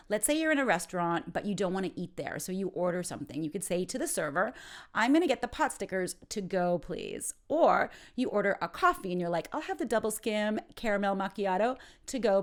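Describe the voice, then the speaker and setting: A woman teaching informal English in a playful way, acting out short example dialogues. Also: on the low side. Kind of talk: informal ESL lesson.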